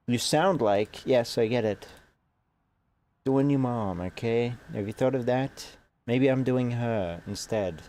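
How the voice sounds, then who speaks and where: A man's voice: medium pitch, takes it slowly, long pauses, darkish tone. A young man with a congested nose, rambling sarcastically in casual gaming commentary. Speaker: streamer.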